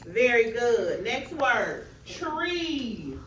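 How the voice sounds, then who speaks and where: Woman teacher calling out vowel words to kids, bright higher voice, echoey room from across it. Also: slow pace, noisy background. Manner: stretches out target words clearly. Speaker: student teacher. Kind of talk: classroom phonics drill. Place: classroom. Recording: echoey room, mic far off.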